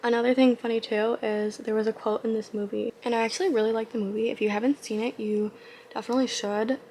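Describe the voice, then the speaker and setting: A woman's voice: on the high side, little pitch movement, fast talker, darkish tone, a little hiss or hum. A young woman vlogging in a chatty, rambling way, full of casual fillers. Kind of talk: casual vlog chat.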